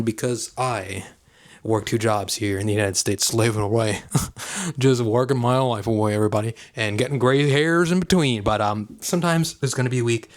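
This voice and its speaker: Rambling, self-mocking man vlogging. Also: mid-range voice. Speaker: vlogger host. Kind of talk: casual chat to camera.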